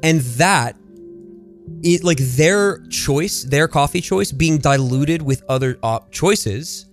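Male podcast co-host, casual rambling chat, somewhat high voice, faint music behind. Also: expressive. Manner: rambling, halting restarts, acts out quoted voices.

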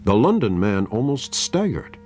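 A man reading a story aloud in a measured, dramatic manner. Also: fairly low pitch, sing-song, a little mellow, slight background noise. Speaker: narrator. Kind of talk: scripted story narration.

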